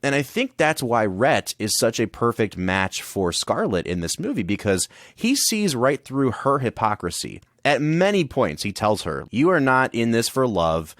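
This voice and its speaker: A man's voice: mid-range voice, sing-song, measured pace, few pauses, fairly bright tone, no echo, studio quality. A man co-hosting a podcast, talking through a film in an enthusiastic, analytical way. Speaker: podcast co-host. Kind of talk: casual film discussion.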